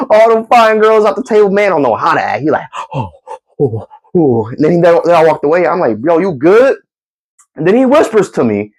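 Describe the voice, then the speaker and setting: A man's voice: a little high, sing-song, moderate pace, slightly rough, low-quality recording. A young man casually telling a comedic story in slangy talk, acting out his friends with gasps and laughs.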